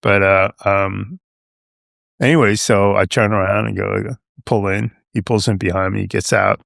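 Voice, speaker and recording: A seventy-something Long Island man rambles through a casual story as a podcast guest, sprinkling "you know" and "right?" all along. His low-leaning voice is creaky and a bit bright, with a steady tone and normal speed. The sound is clean, dry studio audio.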